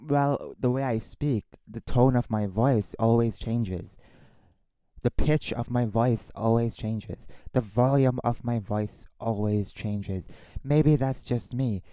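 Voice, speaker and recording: Slow, dark-voiced man rambling on a livestream. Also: medium pitch, dry recording. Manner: rambling, complaining, restarts and re-says lines; drops to a hushed voice at times. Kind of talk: casual solo livestream chat. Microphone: own desktop microphone.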